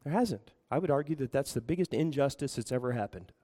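A man's voice: medium pitch, expressive, fast, warm tone. A man preaching a sermon as pastor, asking the room rhetorical questions and acting out quoted voices. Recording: reverberant hall.

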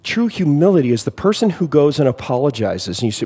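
A man preaching a sermon as a pastor, animated, with wry asides and acted-out quotes. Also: on the high side, fast, husky. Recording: long hall reverb.

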